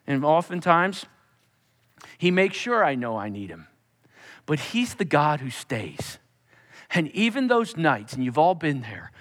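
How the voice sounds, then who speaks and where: A male pastor preaching a sermon, emphatic, dropping to a soft, intimate tone when he voices God speaking. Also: on the high side, in a large hall.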